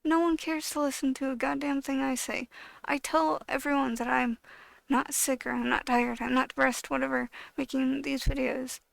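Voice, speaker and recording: A young adult woman rants to camera in a high, strongly gravelly voice full of fry. Her delivery is blunt, frustrated and profane, slipping between low mumbles and raised complaints. The recording is close and completely dry. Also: little pitch movement, normal speed, dry recording. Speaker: vlogger. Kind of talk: casual to-camera rant.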